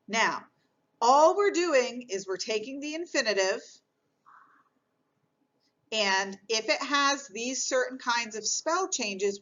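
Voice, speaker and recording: A woman teaching a recorded grammar lesson, with a patient, explanatory manner that circles back to repeat key points. Her voice sits at a middle pitch, and the recording sounds a little dull and lo-fi. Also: fairly bright tone. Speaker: French teacher.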